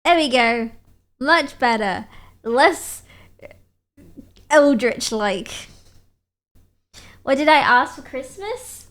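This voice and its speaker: A woman streamer with a high voice chats casually into a desk mic. She speaks at a relaxed, unhurried pace, reading viewer messages aloud and answering with playful teasing.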